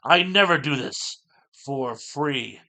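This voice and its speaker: Brief: man reading as a smug male action-hero bounty hunter, sarcastic threats, bright tone. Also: on the high side, animated, takes it slowly, heavily acted. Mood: threatening. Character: cocky tough-guy male 1980s bounty hunter.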